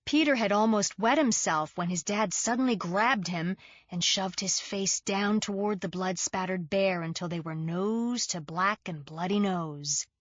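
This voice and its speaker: A woman's voice: medium pitch, measured pace, no room sound, lo-fi sound. A woman narrating a mystery thriller audiobook with a tense, dramatic reading.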